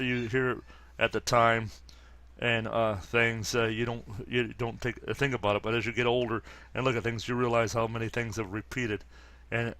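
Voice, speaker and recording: A man around fifty reading a comic aloud and commenting casually, halting often with fillers and restarts. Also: mid-range voice, a bit bright, no room sound. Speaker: comic book reader and commentator.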